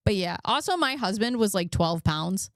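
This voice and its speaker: A woman's voice: medium pitch, very animated, moderate pace, no echo, studio quality. A woman in her thirties hosting a commentary channel, telling candid personal stories in a chatty, casual way and reading out case notes.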